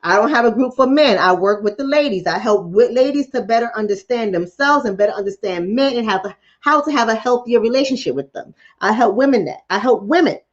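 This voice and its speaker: A woman hosts a mental health show as a casual livestream chat, addressing her viewers directly. She talks bluntly and swears freely, with a fairly high voice. The audio is dull and lo-fi. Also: expressive, brisk, slight background noise.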